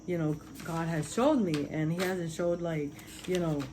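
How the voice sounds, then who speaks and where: Woman, lowish voice, rambling, earnest, lots of fillers, faint background hiss. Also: unhurried. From Puerto Rico. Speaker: vlogger sharing spiritual visions. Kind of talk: casual testimony.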